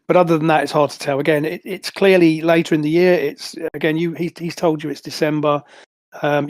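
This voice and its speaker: A man's voice: fairly high pitch, darkish tone, no echo. Rambling male game master, dry sound. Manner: rambling, many fillers and restarts. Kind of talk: narrating a tabletop game.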